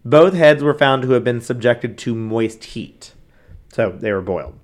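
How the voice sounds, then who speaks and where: A man's voice: medium pitch, animated, a little slow. A man co-hosting a casual true-crime chat, talking loosely with many fillers and asides. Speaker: podcast co-host.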